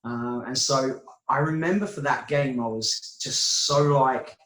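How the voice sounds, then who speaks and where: An easygoing English man in his thirties, answering an interviewer's questions. He speaks at a middling pitch and pauses to think now and then. His voice carries a roomy echo. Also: a bit bright. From England. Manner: easygoing, thoughtful, some hesitations. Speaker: interview guest. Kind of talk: casual video interview.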